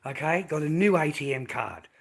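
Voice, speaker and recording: A man's voice: a little high, animated, moderate pace, gravelly, fairly bright tone, slightly rough, low-quality recording. An Australian man hosting a livestream, ranting bluntly at his viewers in a profane, slangy, lecturing way. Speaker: livestream host.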